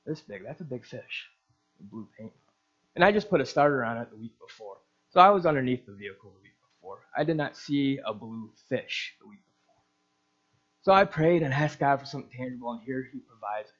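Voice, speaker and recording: A male pastor delivers a testimony sermon in an earnest, storytelling way. He slips into the voices of the people he quotes, and his pitch sits in a middle range. The recording sounds dull and lo-fi. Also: lively intonation, fairly quick, breathy edge.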